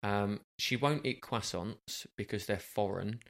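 A man's voice: on the low side, a little slow. Man, podcast co-host, casual chat, teasing, jokey, rambling.

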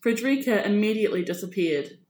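A woman podcast host reading a classic novel aloud in measured, composed first-person narration. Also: mid-range voice, animated, darkish tone. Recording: echoey room.

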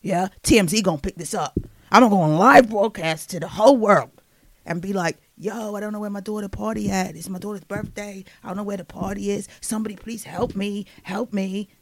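A woman putting on the voice of a grumbling male celebrity, low and mumbled, on a podcast. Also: a little fast, dry recording, close to an everyday voice. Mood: complaining.

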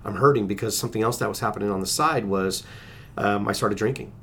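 Gravelly man telling his story. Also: lowish voice, fast talker, fairly bright tone, slight background noise. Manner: earnest, restarts and acts out quotes. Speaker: interview guest. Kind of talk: personal storytelling.

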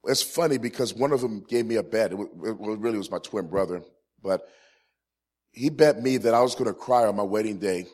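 A Christian ministry speaker in his forties shares a funny personal testimony before a live audience, speaking briskly in a lowish voice. He shifts between loud, punchy jokes and quiet, sincere points.

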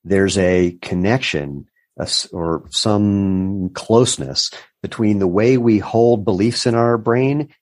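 In a studio-quality recording with no room sound, a fifty-something entrepreneur talks slowly in a lowish voice. As an interview guest, he swaps casual stories with animated flair, performing the voices of whoever he's quoting.

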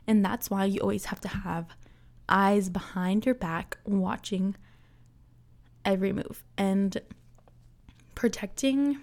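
A young woman in her twenties talks through a solo podcast episode, unhurried and chatty. She laughs easily and leans on "like" between thoughts. Her pitch sits in an ordinary middle range. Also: darkish tone. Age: 20s. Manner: chatty, laughs often, says "like" a lot. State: out of breath. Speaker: podcast host. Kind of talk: casual solo podcast chat.

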